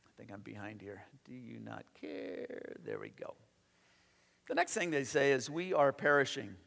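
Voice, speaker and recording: A man preaching a sermon as pastor, animated, acting out quoted voices and often repeating his words. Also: on the low side, unhurried, gravelly, big-room sound.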